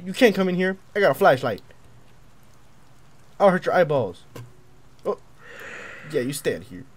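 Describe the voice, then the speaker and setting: Jumpy, excitable young man. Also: fairly high pitch, normal speed, long pauses. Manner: jumpy and excitable, yelps and taunts the monster. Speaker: gaming video creator. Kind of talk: let's play horror game commentary.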